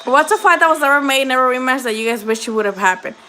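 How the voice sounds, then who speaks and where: A woman's voice: high voice, lively intonation, quick pace, bright, forceful tone. A woman hosting a casual boxing livestream, talking bluntly and with a lot of profanity as she jokes and answers her chat. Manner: blunt, profane and joking, talks back to chat.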